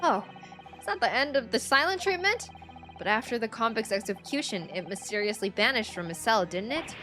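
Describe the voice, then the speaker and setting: A woman's voice: on the high side, lively intonation, fairly quick, sharp tone, soft background music, voice pushed down. A woman reading the lines of an earnest young male defense lawyer from a video game in her own voice. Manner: earnest, questioning. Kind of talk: reading game dialogue aloud.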